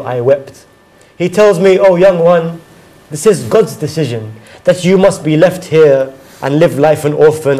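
A man's voice: a little high, darkish tone, poor audio. A man reciting his own mournful elegy poem, repeating its refrains with a grieving voice that rises and falls with emotion.

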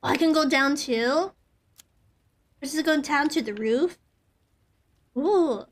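Playing a horror game on stream, a woman talks slowly in a high voice. Her casual commentary is nervous and rambling, peppered with swearing and frequent "like"s.

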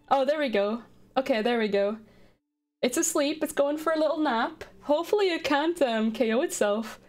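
A woman streaming a game live, excitable and chatty as she talks to her viewers. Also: high voice. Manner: excitable, chatty, talking to chat.

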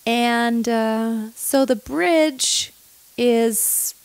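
A young woman teaching how to sing a pop ballad, speaking in a relaxed coaching manner and breaking into sung phrases to show the technique. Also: a little high, very slow, smooth, no echo. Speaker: singing teacher. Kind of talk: vocal lesson with sung demonstrations. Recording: loud instrumental music behind.

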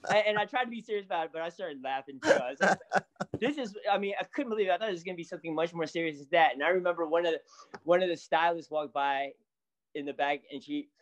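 A man, a salon stylist, telling a story as a guest in casual chat, animated and laughing often. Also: on the high side, racing.

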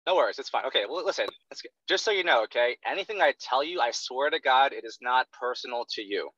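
A man's voice: mid-range voice, expressive, fast talker, sharp tone, dry recording. A man coaching a salesperson over an online call, blunt, profane and intense, with dull, dry call audio. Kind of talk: blunt coaching role-play session.

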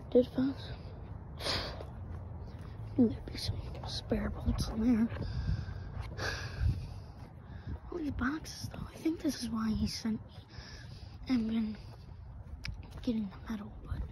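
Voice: medium pitch, poor audio. A performer voicing a grumpy young loner who tinkers with drones, talking through a voice changer in a British accent with a lisp, half-whispering and grumbling to himself. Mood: muttering. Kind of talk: muttered solo role-play. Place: outdoors in woods.

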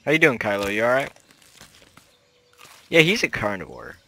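A young man in a mid-range voice with lively intonation and a moderate pace gives casual commentary while playing a game, with background noise audible. He's playful and rambling, now and then bursting into loud shouts.

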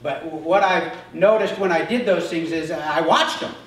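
A man's voice: on the high side, normal speed. A male pastor preaching a conversational sermon, acting out little dialogues as he goes. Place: church sanctuary. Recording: echoey church hall, mic far off.

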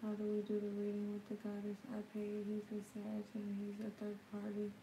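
A woman's voice: mid-range voice, completely flat delivery, a little fast, dark tone, slight background noise. Chatty woman on a roomy live stream. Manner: chatty, reads viewer comments aloud and answers them; frank and slangy, swears now and then. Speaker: tarot reader hosting a live stream. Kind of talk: casual live-stream chat. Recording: roomy, distant from the mic, faint ambience.

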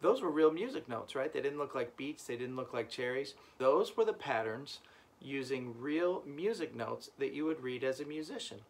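A man's voice: medium pitch, lively intonation, normal speed. A man teaching a children's music lesson, encouraging the class and chanting rhythm syllables. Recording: loud background noise.

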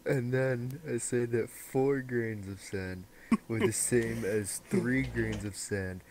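A man playing a tabletop game over voice chat, joking in a deadpan way. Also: mid-range voice, slow pace. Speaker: player. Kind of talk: casual voice chat. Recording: noisy voice chat line.

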